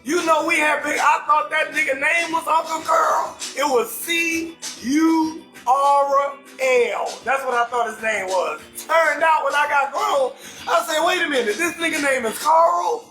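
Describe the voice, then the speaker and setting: High, loud New Orleans man. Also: unhurried, roomy sound, faint music behind. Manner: loud, animated, often shouting, profane. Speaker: talk show host. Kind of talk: live comedy talk show, reading viewer comments.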